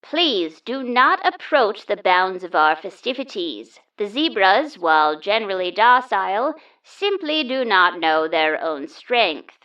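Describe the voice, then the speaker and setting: A woman's voice: medium pitch, big pitch swings, measured pace, hardly any pauses, bright, forceful tone, dull audio. A woman voicing a stiff, formal festival announcer in a kids' story. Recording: distant from the mic.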